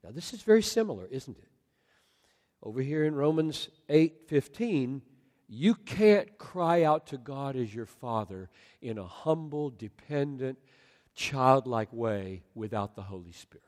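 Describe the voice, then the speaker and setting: Pastor guy preaching, mid pitch, booming then dropping to near whispers, big echoey hall. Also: big pitch swings, unhurried. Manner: swings from loud emphatic declaring to soft near-whispers. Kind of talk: sermon. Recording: long hall reverb.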